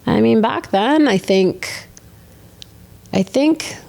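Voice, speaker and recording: A woman in her thirties, a podcast guest, telling animated stories in casual chat and acting out the voices of people she quotes. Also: on the high side, takes it slowly, vocal fry.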